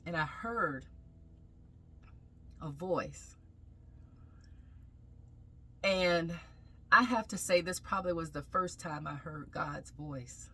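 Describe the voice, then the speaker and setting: A woman sharing a personal testimony in a reflective, halting way, pausing often as she tells her story. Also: low-pitched, bright, forceful tone, husky. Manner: reflective, halting, with frequent pauses and fillers.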